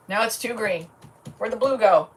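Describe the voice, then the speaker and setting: A woman's voice: on the high side, far from the mic. Chatty crafter woman, a bit off-mic. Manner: chatty, thinking aloud as she works. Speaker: crafter livestreaming a project. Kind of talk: casual chat while crafting. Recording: voice set back from the mic, faint noise.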